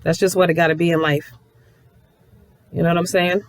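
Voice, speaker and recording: A woman YouTube commentator rants bluntly and sassily at her viewers, addressing them directly and swearing freely. Her voice is lowish with little pitch movement, her pace brisk, and the recording dry.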